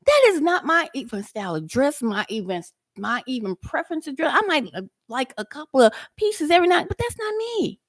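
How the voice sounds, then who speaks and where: Very animated and brisk, with few pauses, this woman's voice sits high. In her reaction video, the YouTube commentator answers a man directly, confrontational and mocking, drawling and repeating words to drive points home, all in studio-quality audio with no room sound.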